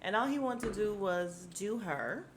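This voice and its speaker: A woman's voice: medium pitch, expressive, a little slow, slight background noise. A woman hosting a podcast, recapping a TV episode in a casual, slangy way, acting out the characters' lines and laughing often.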